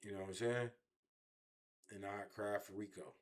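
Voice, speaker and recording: A man telling his own story in an interview, animated and repetitive, with heavy street slang. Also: fairly low pitch, normal speed. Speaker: interview guest.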